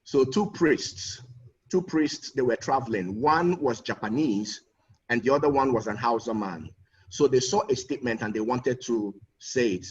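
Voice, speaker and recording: A man's voice: mid-range voice, lively intonation, moderate pace, slight background noise. A man giving an earnest conference talk as a guest speaker, often repeating words as he builds a point. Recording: distant muffled online audio.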